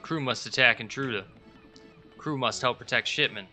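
Dim brutish game henchman, a man putting him on, loud and clipped. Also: mid-range voice, moderate pace, soft background music. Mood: menacing. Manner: broken clipped speech, loud. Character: dim-witted brutish male pirate henchman.

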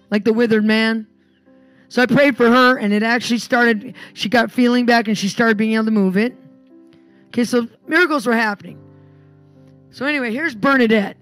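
A woman's voice: a little high, moderate pace, faint music behind. A woman preacher telling healing stories and praying at a live church meeting, emphatic and commanding. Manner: animated, emphatic storyteller, commanding in prayer. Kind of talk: sermon with storytelling and healing prayer.

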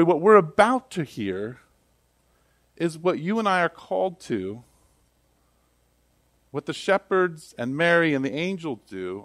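A male pastor preaches in a relaxed, conversational way, acting out little voices for the people in his story. His voice sits a bit high for a man, and the sound is close and dry with no room echo. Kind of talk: sermon.

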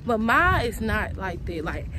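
A woman's voice: medium pitch, big pitch swings, measured pace. A young woman, talking casually to her viewers while walking around a college campus, chatty and full of slang. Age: young adult. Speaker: college student vlogger. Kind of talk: casual walk-and-talk vlog. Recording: outdoor traffic noise behind.

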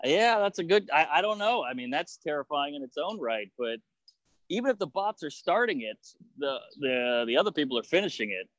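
A man, a comedian guest on a video-call podcast, riffing in a rapid, profane way and mocking people in quoted voices. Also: on the high side, big pitch swings, a bit bright, no echo, lo-fi sound. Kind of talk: casual podcast chat.

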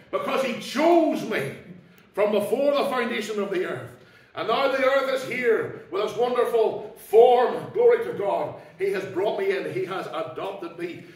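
Emphatic pastor in echoey church. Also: male voice. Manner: emphatic preaching, repeated hallelujahs, swings between loud and low. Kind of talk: sermon. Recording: echoey church hall, mic at a distance.

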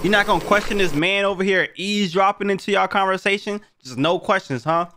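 A young man streaming his reaction to a video, joking and swearing loudly and talking to his chat. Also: high voice, brisk, background noise. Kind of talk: casual reaction commentary.

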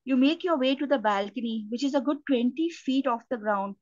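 A woman's voice: sits high, fairly quick, no echo. An Indian woman preaching a sermon, earnest, often restarting her sentences with fillers. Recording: dull lo-fi, dry sound.

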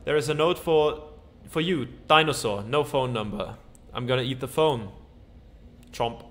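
A man's voice: mid-range voice, moderate pace, fairly bright tone, slight background noise. A man playing through a comedy game, reading its text aloud and joking around. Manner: playful, reads narration aloud with goofy asides. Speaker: gaming channel host. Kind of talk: let's-play commentary reading game text.

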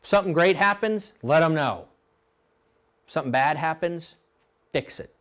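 A middle-aged man leads a clinic for coxswains, speaking at a moderate pace in a blunt, lively way. He sometimes acts out what rowers say in a high-pitched voice.

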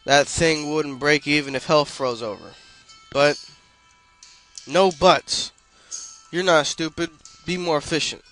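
A man's voice: mid-range voice, fairly even intonation, measured pace, bright, forceful tone, clear, resonant tone, rough recording. A man reading out a bitter, foul-mouthed middle-aged male rocket pilot, swearing and stumbling over his lines while reading. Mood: scolding. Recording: faint game music behind.

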